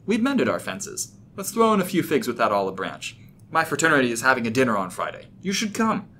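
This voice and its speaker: A man's voice: mid-range voice, big pitch swings, a little fast, sharp tone, slight background noise, voice pushed up. A man reading a horror story, voicing a friendly, pushy male college student with a good-natured, persuasive manner in a raised voice. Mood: upbeat.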